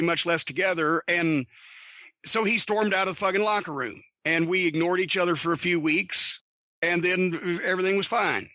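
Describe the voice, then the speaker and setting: A middle-aged man with a high, bright, forceful voice tells blunt stories full of swearing in a casual podcast monologue. His delivery is wry and punchy. He sounds close and dry, with no room around him. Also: dry recording. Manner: blunt, profane, wry storyteller. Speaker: podcast host.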